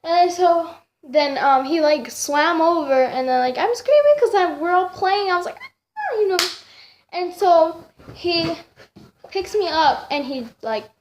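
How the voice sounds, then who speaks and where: A woman's voice: very high voice, lively intonation, a little slow, slight background noise. A young woman vlogger telling a story in a casual, rambling way, with many fillers and restarts.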